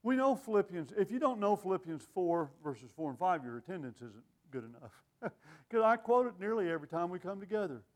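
An older man preaching a sermon with an animated, self-deprecating sense of humor, often laughing at himself. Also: high-pitched, brisk. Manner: lively, animated delivery.

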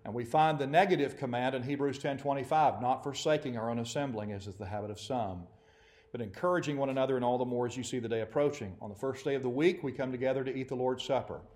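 A man preaching a sermon to his congregation, animated and acting out quoted voices. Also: mid-range voice, fast talker. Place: church assembly.

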